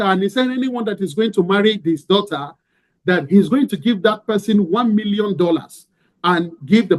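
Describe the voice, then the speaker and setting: A man giving a motivational lecture, preaching with rhetorical questions and emphatic delivery. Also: high voice. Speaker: motivational speaker.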